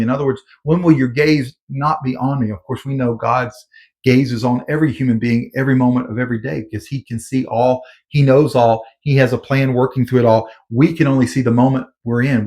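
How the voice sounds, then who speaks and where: A man talking through a scripture passage in a relaxed, conversational way. He sounds earnest and unpolished, often pausing on "um" and restarting his sentences as he explains. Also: mid-range voice. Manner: informal, earnest, many fillers and restarts. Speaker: Bible commentator. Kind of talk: conversational Bible commentary.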